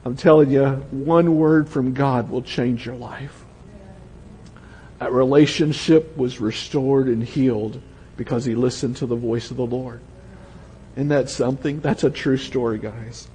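An older man with a Southern American accent, preaching a sermon and telling stories, softening to a hush at tender moments. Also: mid-range voice, fairly even intonation, measured pace, a little hiss or hum. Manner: storytelling, drops to a soft hush for emotional moments. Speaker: pastor. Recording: long hall reverb.

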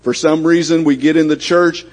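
A man's voice: on the high side, steady tone, moderate pace, a little mellow. A man preaching a sermon in a folksy, conversational way, acting out little bits of dialogue as he goes. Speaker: pastor.

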